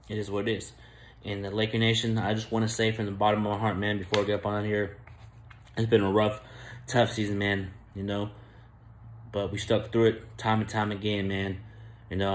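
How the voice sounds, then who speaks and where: Male sports vlogger, lowish voice, fired-up fan rant, echoey room. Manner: frustrated, blunt, repeats "man" and "bro". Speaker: sports channel host. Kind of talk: fan sports commentary vlog.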